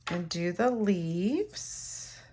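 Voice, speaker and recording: A woman's voice: lowish voice, very animated, drawn-out words, mellow, a little hiss or hum. A middle-aged woman, chatting casually and rambling while demonstrating a craft. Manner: chatty, rambling, self-mocking. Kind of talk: casual crafting tutorial chat.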